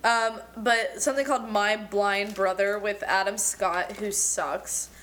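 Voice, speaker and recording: A woman's voice: medium pitch, fairly even intonation, measured pace, fairly bright tone. A young woman chatting casually as a podcast co-host, blunt and opinionated, swearing freely. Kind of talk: casual chat.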